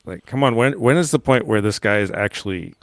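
Rambling low-voiced man, casual podcast chat. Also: fairly quick, dry recording. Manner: rambling, hesitant, many fillers and restarts, laughs often. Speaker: podcast co-host.

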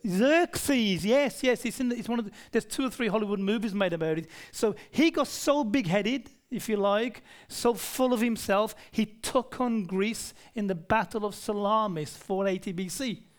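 A man's voice: sits high, normal speed, hardly any pauses. A man preaching a Bible-study sermon in a conversational style, often putting questions to the congregation. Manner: conversational, asks the congregation questions, frequent restarts.

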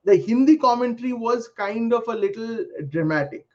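Measured middle-aged man, lo-fi. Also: very high voice, expressive, a little mellow. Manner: measured, reflective, lists points one by one. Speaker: panel guest. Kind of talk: casual panel chat. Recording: dull lo-fi sound.

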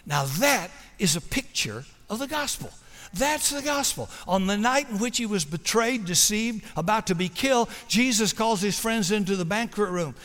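A man preaching a sermon, telling a story with big swings between loud, acted-out moments and soft, hushed appeals. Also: sits high, expressive, moderate pace. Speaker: pastor. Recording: long hall reverb.

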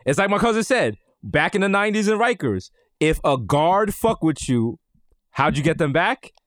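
A man's voice: fairly high pitch, sing-song, moderate pace, no room sound. A man co-hosting a casual comedic podcast, riffing and joking, recorded at a studio mic. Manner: joking, riffing, puts on voices for quotes. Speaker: podcast co-host. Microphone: studio microphone.

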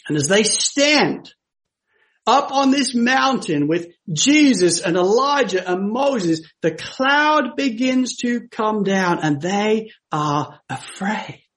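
A man preaching a sermon, moving from hushed storytelling to emphatic, raised scripture quotations. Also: sits high, animated, slow. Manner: dramatic, swings from hushed to emphatic when quoting scripture.

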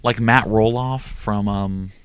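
A man hosting a crude comedy podcast, rambling and swearing in quick bursts. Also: lowish voice, steady tone, fairly bright tone, clear, resonant tone. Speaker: podcast host.

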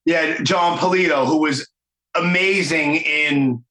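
A man hosts a casual podcast interview and keeps it moving with quick, eager reactions. His voice is bright and sharp and sits a little high. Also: roomy sound, rough recording. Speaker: podcast host.

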